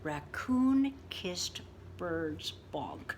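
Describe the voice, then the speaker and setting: A woman reading a picture book aloud to children in an animated, expressive way, sometimes dropping to a whisper. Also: mid-range voice, takes it slowly. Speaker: children's storyteller.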